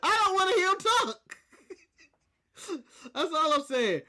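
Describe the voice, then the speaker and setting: A man's voice: very high-pitched, very animated, takes it slowly, pushed and bright. A man co-hosting a casual wrestling podcast, blunt and often laughing. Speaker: podcast co-host.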